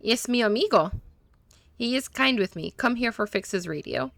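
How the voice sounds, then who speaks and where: A woman's voice: a little high, expressive, creaky, fairly bright tone, dry recording, pitched above the performer's own voice. Woman doing a jittery mechanic with a mock Spanish accent. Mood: earnest. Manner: broken English, quick denials. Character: nervous male small-town mechanic.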